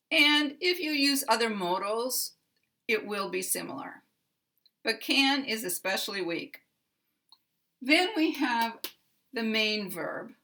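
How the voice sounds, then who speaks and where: Slow, bright-voiced American woman teaching. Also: mid-range voice. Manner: over-articulates single words and repeats them slowly. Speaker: pronunciation teacher. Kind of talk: slow, deliberate pronunciation lesson.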